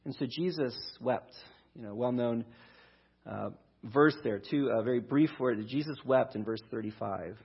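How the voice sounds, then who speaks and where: Man, pastor, conversational sermon, husky voice, muffled lo-fi sound. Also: mid-range voice, normal speed. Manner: conversational, restarts, reads scripture aloud.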